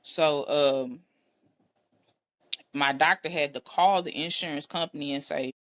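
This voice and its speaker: A woman from Texas, a podcast guest, telling her own story in a blunt, profane, animated way and acting out the dialogue. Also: low-pitched, a little slow. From Texas, USA. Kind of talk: casual storytelling.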